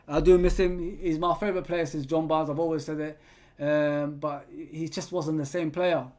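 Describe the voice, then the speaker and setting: A man hosting a live football watch-along, excitably calling the play, yelling at players and chatting with viewers. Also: a little high, normal speed. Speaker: fan channel host reading live chat.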